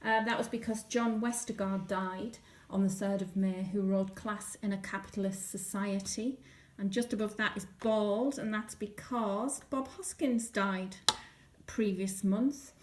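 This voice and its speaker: A woman's voice: medium pitch, fairly even intonation, a little slow, reverberant. A woman chatting casually and wryly, explaining a stitched diary with lots of ums and uhs. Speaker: textile artist explaining her stitched diary.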